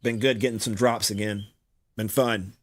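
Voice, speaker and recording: A man's voice: on the low side, fairly even intonation, normal speed. A man giving casual gameplay commentary, exasperated and groaning, often repeating himself and swearing. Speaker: gaming streamer.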